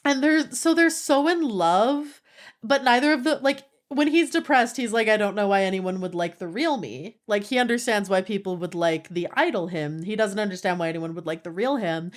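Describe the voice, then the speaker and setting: A young woman streamer chatting casually with her viewers, gushing and giggling, with lots of "like" in her speech. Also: fairly high pitch. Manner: giggly, breaks into laughter. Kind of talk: casual chat with live viewers.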